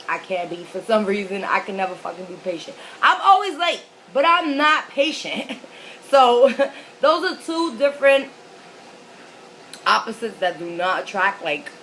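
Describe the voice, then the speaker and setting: A woman's voice: mid-range voice, a little hiss or hum, low-quality recording. A young woman vlogger telling a story casually while she eats, swearing freely and acting out the people in it. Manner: animated, swearing, acts out the other people in the story. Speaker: mukbang vlogger.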